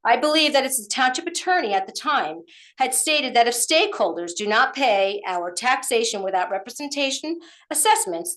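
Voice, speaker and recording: A woman's voice: a little high, fairly bright tone. A woman, out of breath, giving a pointed public comment at a township meeting and firing off rhetorical questions. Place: council meeting room.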